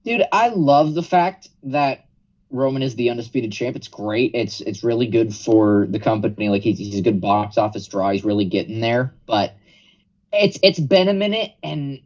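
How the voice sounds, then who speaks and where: Excitable swearing guy, muffled audio. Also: mid-range voice, normal speed. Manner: excitable, swears freely, laughs a lot. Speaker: podcast co-host. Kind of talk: casual wrestling review chat.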